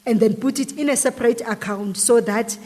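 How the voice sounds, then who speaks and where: A woman's voice: on the high side, brisk, dark tone, big-room sound. A woman guest animatedly retelling a personal story in an interview, acting out the dialogue. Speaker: guest telling her story.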